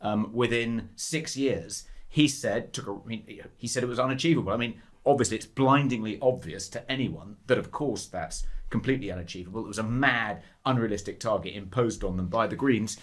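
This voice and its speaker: A man co-hosting a political podcast in a studio, sardonic and halting, full of ums. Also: fairly low pitch. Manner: hesitant and sardonic, lots of ums, mocking quotes. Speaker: podcast co-host. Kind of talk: casual political chat.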